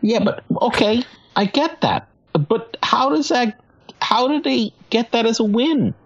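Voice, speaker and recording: A woman co-hosting a casual political chat, excitable and stammering through restarts, sometimes swearing. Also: a little high, unhurried, lo-fi sound.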